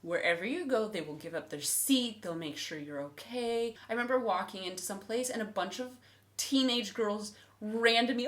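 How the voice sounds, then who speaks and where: A woman's voice: a little high, moderate pace. A young woman chatting casually on her vlog, telling stories and acting out other people's voices. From United States. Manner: animated storytelling, acting out voices. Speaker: vlogger. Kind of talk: casual chat.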